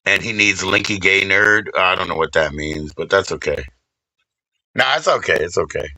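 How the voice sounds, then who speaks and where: Bright, rambling male streamer. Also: low voice, normal speed, no echo, poor audio. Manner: rambling, profane, shouting out viewers by name. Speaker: live streamer. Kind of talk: casual chat with live stream viewers.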